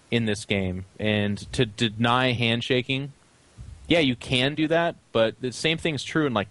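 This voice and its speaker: A man's voice: mid-range voice, no room sound. A man co-hosting a gaming podcast, opinionated and swearing freely as he jokes. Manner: animated, profane, joking. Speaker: podcast co-host. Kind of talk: podcast discussion.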